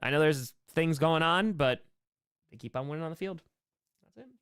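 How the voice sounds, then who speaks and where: A man's voice: a little high, fairly bright tone, clear, resonant tone. Joking young man answering live chat. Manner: joking, rambling, quick asides. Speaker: streamer answering chat questions. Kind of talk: casual live-stream Q&A.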